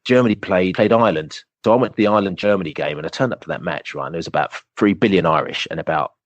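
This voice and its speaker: A man, a podcast guest telling animated, rambling football fan stories full of fillers. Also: low-pitched, rapid-fire, dry recording. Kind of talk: casual storytelling interview.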